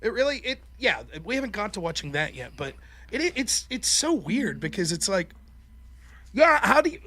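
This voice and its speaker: A male call-in host with a high, bright voice. He chats casually and swears freely. He tells stories with lots of energy and slips into quick impressions of the people he quotes. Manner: profane, animated storyteller.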